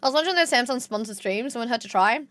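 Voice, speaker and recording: A young woman with a broad Australian accent chats casually with her live-stream viewers. Her voice sits a little high. She swears now and then, and the sound is dry and close, with no room echo. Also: animated, fast, a bit bright. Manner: chatty, swears casually, reads chat aloud.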